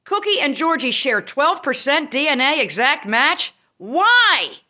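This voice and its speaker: A heated, foul-mouthed woman vents her outrage, her words landing hard, with sudden shouted bursts. Her voice sits fairly high and has a bright, forceful, cutting edge. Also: lively intonation, moderate pace. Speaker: vlogger. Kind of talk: angry rant to camera.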